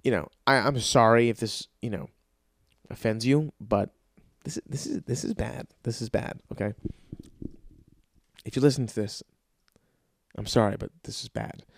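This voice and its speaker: A man's voice: medium pitch, normal speed, vocal fry, pauses often, dry recording. A young man hosting a podcast, ranting in a profane, comedic way and mocking people with sarcastic voices. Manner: swears constantly, mocks with sarcastic quoted voices. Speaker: podcast host. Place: Los Angeles.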